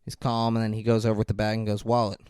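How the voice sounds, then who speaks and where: A man's voice: fairly low pitch, monotone, racing, a little mellow, clean tone, dry recording, studio quality. A man co-hosting a podcast movie review, walking through scenes and quoting the characters' lines. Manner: retells scenes, quoting lines in put-on voices. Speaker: podcast co-host. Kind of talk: casual movie review chat.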